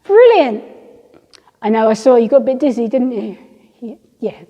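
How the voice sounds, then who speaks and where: A middle-aged woman leading a toddler group in a church hall, coaxing and bright as she talks to small children before reading them a story. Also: fairly high pitch, big pitch swings, normal speed. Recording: dull sound with long hall reverb.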